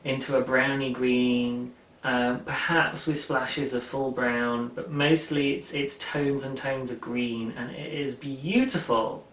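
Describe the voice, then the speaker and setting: A man's voice: medium pitch, fairly even intonation, slow, fairly bright tone. Chatty man in an echoey room. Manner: chatty, rambling, self-mocking. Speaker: knitting podcast host. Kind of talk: casual chat to camera. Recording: roomy echo, mic at a distance.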